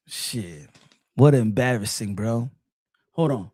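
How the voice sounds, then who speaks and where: A man's voice: very high-pitched, expressive, moderate pace, fairly bright tone, no echo, clean studio sound. A man hosting a casual reaction commentary, ranting in a mocking, profane way. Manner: profane, mocking, laughing rant. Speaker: commentary channel host.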